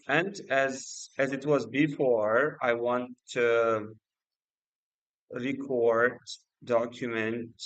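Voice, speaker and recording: Slow, hesitant man on a livestream. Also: medium pitch, a bit bright, no echo, low-quality recording. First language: Uzbek. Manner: hesitant, many fillers and restarts. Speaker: livestream host and exam student. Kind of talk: casual livestream chat.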